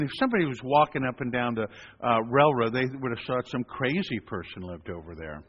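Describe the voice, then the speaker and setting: A priest giving a sermon, telling stories in an unhurried way with gentle humor. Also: male voice, mid-range voice. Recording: reverberant hall, dull lo-fi.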